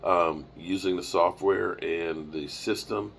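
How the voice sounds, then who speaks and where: Slow, creaky, and a bit bright, this low voice belongs to a tired man in his fifties who yawns and rambles during a casual road live stream. He speaks with fairly even intonation through a mic and small mixer, and the audio carries a slight hiss or hum.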